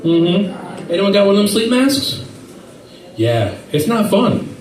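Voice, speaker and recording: Guy doing standup, high-ish voice, rambling stories, roomy and far from the mic. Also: slow. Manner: rambling, animated storytelling with silly voices. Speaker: stand-up comedian. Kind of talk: stand-up comedy set. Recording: echoey room from far off with faint noise.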